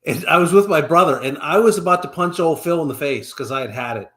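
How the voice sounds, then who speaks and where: Upbeat man telling lively stories. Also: a little high, fast. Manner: animated anecdotes with chuckles. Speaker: co-host of a real estate live stream. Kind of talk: casual storytelling chat.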